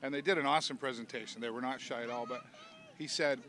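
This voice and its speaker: A man's voice: mid-range voice, steady tone, fast, fairly bright tone. A man hosting a casual interview at an outdoor park festival, chatty and easygoing with frequent restarts. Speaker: host.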